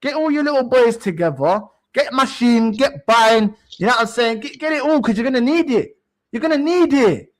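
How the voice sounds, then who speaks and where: A man's voice: very high-pitched, animated, brisk, hardly any pauses. A man, a podcast co-host taunting a rival fan in heated football banter, repeating his points.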